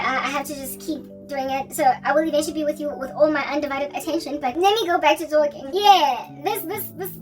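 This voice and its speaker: A woman's voice: high-pitched, fairly bright tone, far from the mic. A woman rambling animatedly in a casual vlog chat, now and then breaking into snatches of song. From South Africa. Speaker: Christian vlogger.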